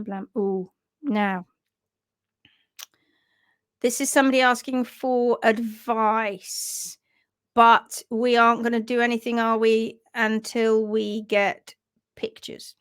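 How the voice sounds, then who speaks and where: A woman's voice: on the high side, a bit bright, dry recording. A woman hosting a horse care live show, chatting in an upbeat, giggly way. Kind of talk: casual live-stream chat.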